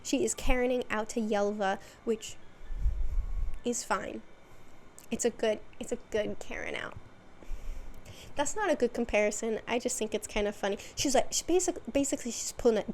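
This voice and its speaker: Woman chatting away about a show, lots of likes and ums, kinda high voice. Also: normal speed, pauses often, a little mellow, a little hiss or hum. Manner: chatty, lots of fillers and asides. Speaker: video host. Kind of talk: casual rambling recap.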